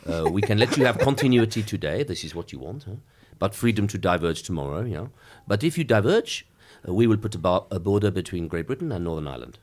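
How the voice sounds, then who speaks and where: A man's voice: low-pitched, very animated, fast, few pauses, a little mellow. A man putting on a mocking French accent to play a smug male negotiator. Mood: teasing. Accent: put-on French.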